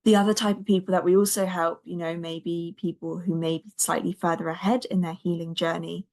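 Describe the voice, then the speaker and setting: A young woman hosting a podcast, her voice a touch croaky. She speaks gently and encouragingly, in a lowish, fairly even tone without much lift. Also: a little fast. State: slightly croaky voice. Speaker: podcast host and coach. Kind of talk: podcast monologue.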